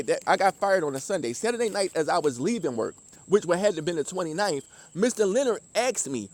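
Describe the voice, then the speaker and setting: A man's voice: high voice, dry recording. A man with a Southern US accent giving an earnest, emotional personal testimony, repeating himself and restarting sentences. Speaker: former deli worker giving testimony.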